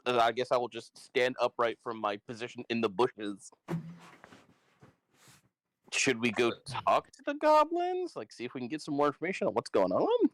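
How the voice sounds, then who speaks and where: A man's voice: medium pitch, very animated, normal speed, a bit bright. A man playing a tabletop game with a wry, skeptical manner. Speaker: player. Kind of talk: casual tabletop game chat.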